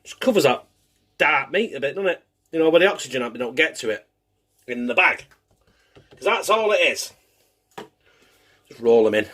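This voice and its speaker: A man's voice: mid-range voice, lively intonation, moderate pace, long pauses, a bit bright. A man hosting a casual home cooking show, chatty, laughing and swearing as he works in his kitchen.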